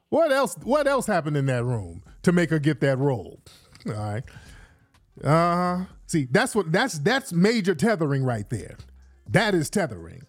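A man hosting a podcast, giving casual commentary in streetwise slang and repeating himself for emphasis. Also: a little high. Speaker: podcast host.

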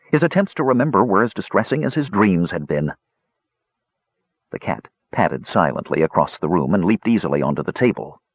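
A man reading a fantasy story aloud in an expressive storytelling manner. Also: low-pitched, breathy edge, no room sound. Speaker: audiobook narrator. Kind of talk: scripted fantasy narration. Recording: slightly dull lo-fi recording.

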